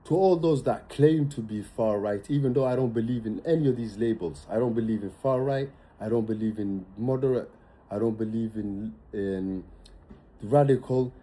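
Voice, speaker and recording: A man's voice: lowish voice, moderate pace, mellow, breathy edge. A man giving an emphatic, repetitive, opinionated monologue, ranting and hammering his points.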